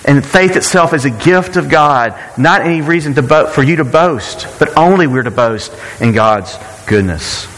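Animated pastor preaching in a hall. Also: male voice, on the high side, normal speed, few pauses. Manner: conversational, repeats words, asks rhetorical questions. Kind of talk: sermon.

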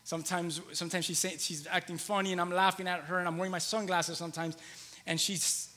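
A man's voice: sits high, little pitch movement, fast, hardly any pauses, pushed and bright, long reverb tail. A man in his thirties preaching a conversational sermon in a church, repeating phrases for emphasis. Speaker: pastor. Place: church hall with long reverb.

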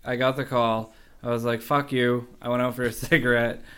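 Guy laughing thru a crude phone call story, bright forceful voice. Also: mid-range voice, little pitch movement, brisk, clear, resonant tone. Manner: laughing through a story, profane. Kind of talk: casual chat.

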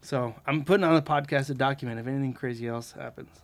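Young male podcast host, lively storyteller, acts out quotes, garage podcast mic. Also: mid-range voice, fast. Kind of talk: casual storytelling.

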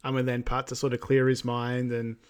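A man co-hosting a podcast, recapping a film in a relaxed, agreeable way with many ums and yeahs. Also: medium pitch, a little fast, smooth. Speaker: podcast co-host. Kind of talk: casual chat recapping a film.

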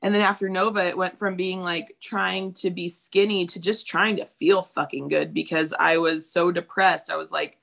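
Woman, 30s, gravelly fry, candid and profane in casual chat. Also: lowish voice, fairly even intonation, normal speed, few pauses, a bit bright. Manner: candid, swearing freely, acts out quotes.

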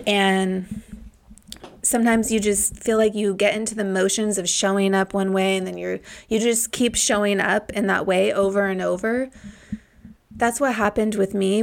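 A woman's voice: mid-range voice, creaky. A woman in her thirties hosting a podcast, telling a personal story in a reflective, heartfelt way. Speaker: podcast host.

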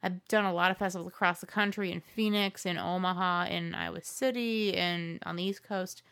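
A woman's voice: lowish voice, fairly even intonation, a little fast, creaky, fairly bright tone, clear, resonant tone. A woman stand-up comedian, a guest in a studio, chatting upbeat about an event she promotes. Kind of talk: casual chat.

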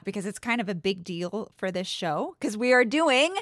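A chatty woman co-hosting a podcast, giggling between thoughts and second-guessing how to pronounce place names. Her voice sits at an ordinary middle pitch and is recorded close and dry, with no room sound. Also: lively intonation, moderate pace, fairly bright tone, no room sound. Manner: chatty, giggles often, unsure about pronunciations. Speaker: podcast co-host. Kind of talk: casual chat.

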